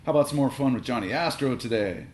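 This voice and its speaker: A man's voice: medium pitch, animated, quick pace, a little mellow, pitched above the performer's own voice, lightly acted. A man voicing a dramatic father who flings mock-Shakespearean curses, reading a children's story aloud. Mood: cheerful. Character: dramatic father, cheerful then howling. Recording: roomy reading with faint hiss.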